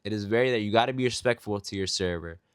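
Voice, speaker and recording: A young man with a lowish, clean voice rants casually about his job as a restaurant server, acting out customers in quick put-on voices. The audio is studio quality with no room sound.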